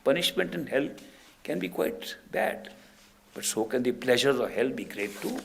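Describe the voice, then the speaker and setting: An older man from India, giving a spiritual talk over a video call, telling stories gently. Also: mid-range voice, normal speed, gravelly. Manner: gentle storyteller, animated. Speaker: spiritual teacher.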